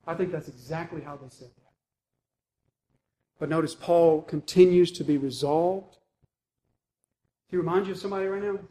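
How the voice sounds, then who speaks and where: A man preaching a sermon as pastor, animated and emphatic, with rhetorical questions. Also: a little high, moderate pace, pauses often, low-quality recording.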